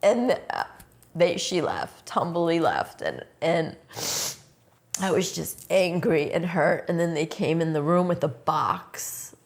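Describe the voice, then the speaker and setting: A woman's voice: low-pitched, animated, slow pace, vocal fry. A middle-aged woman in an interview, telling a painful personal story in a raw, blunt way, swearing often and speaking with intensity.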